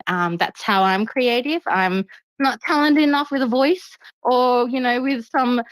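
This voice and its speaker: A bubbly woman chats casually in an online audio room and laughs often. Her voice sits a little high and sounds dry and close to the mic. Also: a little slow, dry recording, low-quality recording. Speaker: guest baker.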